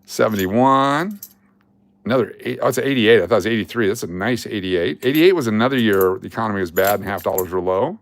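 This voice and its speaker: A man hosting a casual live coin-hunting stream, excitable and chatty with his viewers as he sorts rolls of coins. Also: fairly low pitch, quick pace. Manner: excitable, hypes finds, chats with viewers. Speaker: coin roll hunting livestream host.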